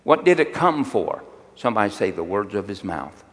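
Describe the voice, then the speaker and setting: A man's voice: fairly low pitch, very animated, normal speed. An older man preaching a sermon, folksy and humorous, telling personal stories and calling for responses from the congregation. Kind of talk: sermon with storytelling. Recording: long hall reverb.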